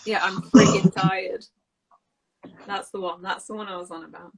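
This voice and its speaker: A woman's voice: medium pitch, fairly even intonation, moderate pace, gravelly, crowd noise, rough recording. A woman chatting casually on an English-learning live stream, explaining slang words with many "like" fillers.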